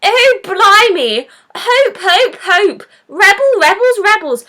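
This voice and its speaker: A woman's voice: very high-pitched, big pitch swings, takes it slowly, sharp tone, pitched above the performer's own voice, heavily acted. A woman putting on an exaggerated posh voice to mock a prim young rebel heroine. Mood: gushing. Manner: exaggerated gushing posh exclamations.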